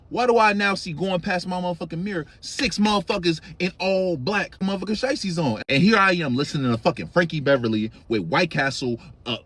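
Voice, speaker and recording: A man's voice: on the high side, slight background noise. A young man from Chicago telling a story in casual, slang-heavy, profane street talk.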